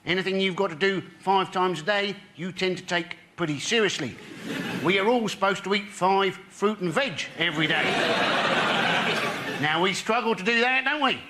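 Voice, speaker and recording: A man delivering measured stand-up on a TV panel show, dry and steady as he builds to the punchline. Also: high-pitched, a little hiss or hum. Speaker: comedian.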